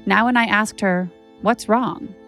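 A woman's voice: medium pitch, a little slow, a bit bright, faint music behind. A woman hosting a podcast, telling a personal story in a candid, conversational way with lots of "like.". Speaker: podcast host and narrator.

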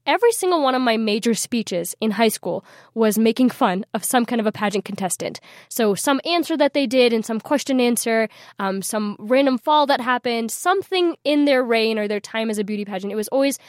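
Bubbly young woman, bright higher voice. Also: brisk, no room sound, clean studio sound. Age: young adult. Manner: bubbly, laughing, animated retelling. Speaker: interview guest, scholarship winner. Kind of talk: casual storytelling in interview.

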